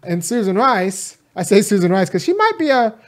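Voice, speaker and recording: A man's voice: high-pitched, very animated, moderate pace. A man from California who teaches college, speaking to camera in a casual political monologue. He talks with conviction, addresses his viewers directly and wanders into rambling asides.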